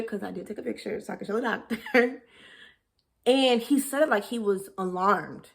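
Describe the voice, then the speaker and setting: A woman's voice: medium pitch, normal speed, vocal fry, a bit bright. Young woman vlogging a personal story, candid and emotional, acts out the quotes. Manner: candid and emotional, quoting others with shifts in voice.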